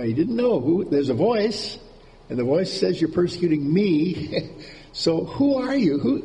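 A man's voice: medium pitch, creaky, mellow. A man preaching a conversational sermon in an informal way, repeating key words for emphasis, heard in a reverberant hall with faint background noise.

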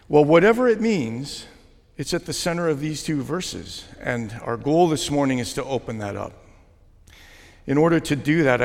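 A man preaching a sermon as pastor, talking in a conversational way with gentle jokes. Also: medium pitch, gravelly. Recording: long hall reverb.

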